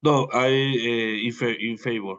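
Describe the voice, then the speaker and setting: A man from Peru whose first language is Spanish, answering as an English student in interview practice and haltingly searching for words. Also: mid-range voice, fairly even intonation, a bit bright, highs cut off.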